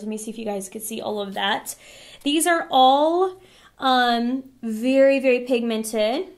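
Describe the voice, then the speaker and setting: A woman in a casual beauty vlog, chatty and enthusiastic with frank opinions, a little winded from a cold. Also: fairly high pitch. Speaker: beauty vlogger reviewing palettes. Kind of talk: casual product review.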